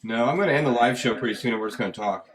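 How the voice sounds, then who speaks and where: A man's voice: mid-range voice, very fast, a little hiss or hum. A man hosting a casual live show, chatting with a friend and rambling through travel stories. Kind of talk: casual chat.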